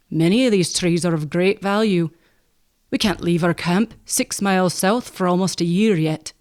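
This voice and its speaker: A woman voicing a stern middle-aged male lumber boss, speaking in a measured, firm, explaining way. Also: fairly low pitch, a little mellow, close to an everyday voice.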